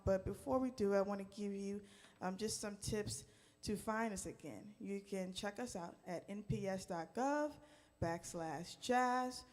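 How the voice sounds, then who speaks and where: A woman park ranger and band singer leading an audience in a call-and-response singalong, with encouraging, playful, half-sung calls, on a stage mic. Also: mid-range voice. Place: live jazz performance indoors. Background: live jazz band.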